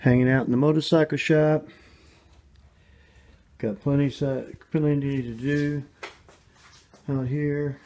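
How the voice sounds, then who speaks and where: A man's voice: on the high side, fairly even intonation, takes it slowly, pauses often, a little mellow. An older man filming a casual home video, chatting and coaxing his baby granddaughter as he talks to her.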